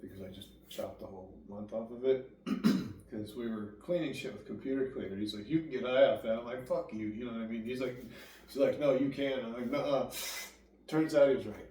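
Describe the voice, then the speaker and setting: A man's voice: medium pitch, fairly quick. A young man casually telling a rambling, profane story, acting out what others said to him. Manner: acts out quoted dialogue with lively voices. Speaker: guest sharing recovery story. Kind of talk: casual conversation. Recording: echoey room, distant mic, faint background noise.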